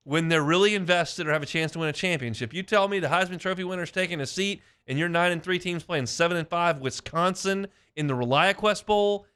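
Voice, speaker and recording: A middle-aged man hosting a sports talk radio show, briskly reeling off stats in a studio. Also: fairly high pitch, pushed and bright, clear, resonant tone. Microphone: studio mic.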